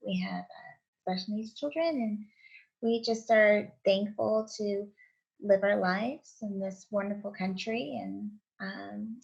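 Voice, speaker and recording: A woman's voice: mid-range voice, vocal fry. A woman author answering interview questions over a video call, earnest and hesitant, with many ums. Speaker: author, guest. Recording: dull lo-fi video call audio.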